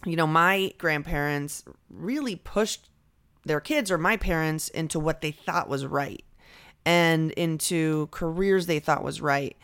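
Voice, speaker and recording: A woman co-hosting a casual chat, giggly and expressive, often acting out voices. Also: low voice, unhurried, smooth. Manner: giggly, expressive, mimics her dad.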